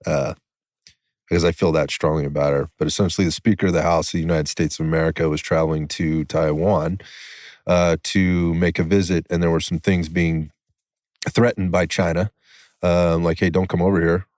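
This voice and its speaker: A man's voice: low-pitched, little pitch movement, normal speed, a little mellow, no room sound, clean studio sound. A man hosting a podcast in casual conversation, rambling and restarting his sentences and swearing freely, talking outdoors. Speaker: podcast host.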